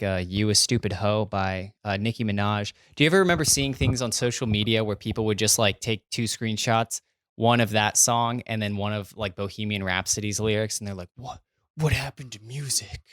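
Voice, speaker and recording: Young male co-host, low smooth voice, dry close sound, easygoing crude banter. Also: fairly quick, dry recording. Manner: laid-back, crude joking banter. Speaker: podcast co-host. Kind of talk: casual chat.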